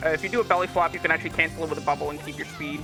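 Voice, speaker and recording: A man's voice: a little high, steady tone, very fast, gravelly. A man explaining his speedrun route in a casual, laid-back way with lots of filler words. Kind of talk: casual live game commentary. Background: game music.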